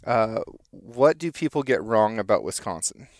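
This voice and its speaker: A man's voice: on the low side, very animated, moderate pace, dry recording, clean studio sound. A man hosting a casual interview, telling stories and laughing often. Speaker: podcast host.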